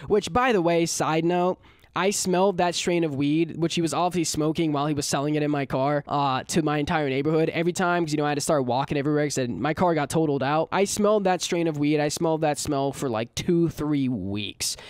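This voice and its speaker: A young man casually telling a storytime vlog in a slangy, animated way, laughing at his own bad luck. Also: a little high, fast, hardly any pauses, smooth, dry recording, studio quality. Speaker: storytelling YouTuber.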